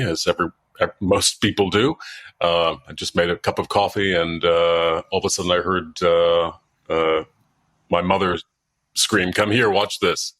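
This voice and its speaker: Low-voiced man, halting interview guest. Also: fairly bright tone, dry recording. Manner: halting, many fillers and restarts. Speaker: guest, author and former diplomat. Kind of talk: interview answers. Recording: dry sound, breaking up at times.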